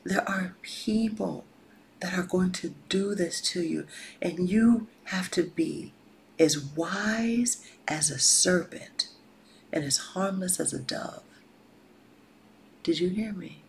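A woman gives a motivational talk as a life coach, with a gravelly voice. She often drops to a whisper to stress a point and slips into casual slang, repeating her lines like a preacher. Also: lowish voice, slow, a little hiss or hum, rough recording.

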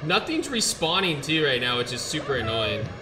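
A young man streaming a game live, excitable and trash-talking, shouting when he gets frustrated, on a gaming headset. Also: mid-range voice, normal speed, echoey room, noisy background.

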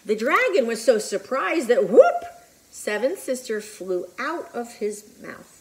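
Animated woman reading a picture book. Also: a little high, a little slow. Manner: animated, expressive, with whispered asides. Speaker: children's storyteller. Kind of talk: children's picture-book read-aloud.

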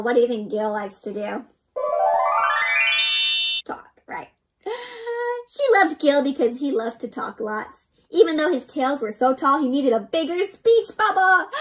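High-voiced woman reading to kids. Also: a bit bright, far from the mic, rough recording. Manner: playful, asks young listeners questions. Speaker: children's read-aloud storyteller. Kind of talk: interactive picture-book read-aloud.

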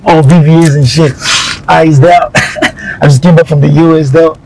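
A man's voice: a little high, fairly even intonation, moderate pace, gravelly, a little mellow, low-quality recording. A man playing a boastful passenger back from America, brash and flirty with put-on American slang. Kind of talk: comedy skit acting.

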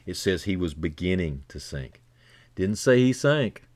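A man preaching a sermon who builds from quiet, low passages to loud, fervent climaxes and repeats key phrases for emphasis. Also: very animated, measured pace, dry recording.

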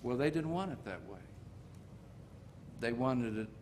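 Older preacher telling folksy stories. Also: male voice, mid-range voice, animated, darkish tone, slight background noise. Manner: folksy storytelling preaching, slowing for emphasis. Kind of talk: sermon.

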